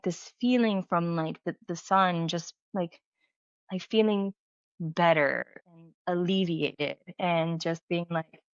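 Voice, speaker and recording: A woman's voice: on the low side, clear, resonant tone, dry recording. Chatty middle-aged woman, lo-fi. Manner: chatty, filler-heavy, acts out quoted dialogue. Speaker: medium and healer, podcast guest. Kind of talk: casual storytelling interview. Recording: dull lo-fi dry sound.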